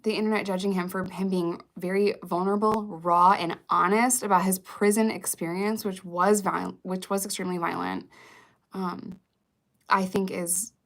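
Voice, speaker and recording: A woman's voice: medium pitch, level tone, normal speed. A woman in her thirties on a casual livestream, reading viewer comments aloud and talking candidly with frequent swearing.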